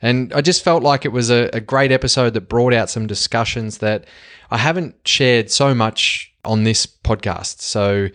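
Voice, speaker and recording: A man with an Australian accent hosting his podcast, talking casually with slang and frequent laughs. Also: on the low side. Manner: laid-back, laughs often, uses slang. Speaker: podcast host. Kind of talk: casual podcast intro monologue.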